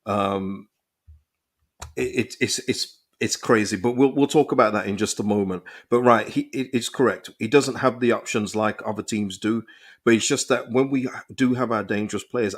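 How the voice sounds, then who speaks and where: A young man hosting a casual football live stream, reading viewers' comments and reacting with animated, restart-filled talk. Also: on the low side, moderate pace. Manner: animated, thinks aloud with frequent restarts and repeated words. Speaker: football channel host reading live chat.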